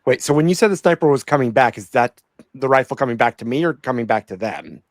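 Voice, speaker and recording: A man at a tabletop game fires off quick, loud questions in casual chat. His voice is mid-pitched and recorded dry and close. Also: lively intonation, dry recording. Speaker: player. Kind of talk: tabletop role-play chat.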